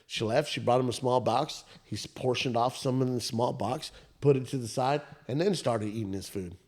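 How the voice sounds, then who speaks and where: Man, podcast co-host, casual storytelling, heavy swearing, animated delivery. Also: medium pitch, brisk, hardly any pauses. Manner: animated, profane storyteller who laughs at his own anecdote.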